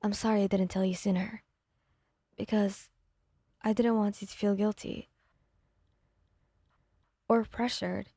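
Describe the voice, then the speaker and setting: A woman's voice: medium pitch, steady tone, unhurried, pauses often, warm tone, no room sound, studio quality. A woman voicing a hurting young lover in an ASMR fanfic reading, speaking hesitantly and apologetically with a strained voice. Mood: tearful.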